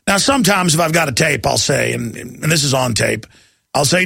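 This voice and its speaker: A man's voice: a little high, expressive, moderate pace, vocal fry, sharp tone, slightly rough, no echo. A man hosting a talk show, delivering an indignant, ranting monologue from a studio.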